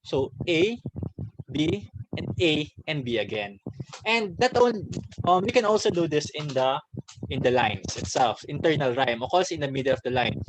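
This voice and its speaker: Filipino male teacher, slightly high voice, halting and chatty, recorded with audible background noise. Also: expressive. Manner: halting, many restarts, addresses students directly. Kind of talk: online class lesson, mixing English and Bisaya.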